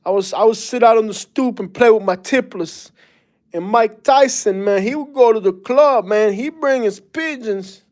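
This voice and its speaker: A man's voice: normal speed, a little mellow, dry recording, clean studio sound, lightly acted. A man putting on a brash tough-guy New Yorker. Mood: nostalgic bragging. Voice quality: higher, exaggerated street-tough drawl. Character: brash tough-talking male New Yorker, mob-connected.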